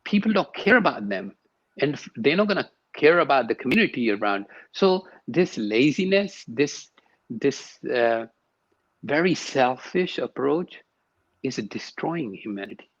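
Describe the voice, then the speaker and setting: A yoga and sound teacher, interviewed as a guest, presses his points with emphasis and repeated words. His mid-range voice has a sing-song quality at a measured pace, and the recording's highs are cut off.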